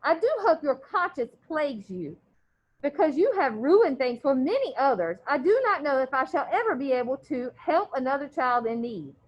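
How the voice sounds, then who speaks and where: A woman voicing a stern, prim middle-aged foster mother who speaks in a formal, slow and haughty way while reading a novel aloud. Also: high-pitched, very animated, highs cut off.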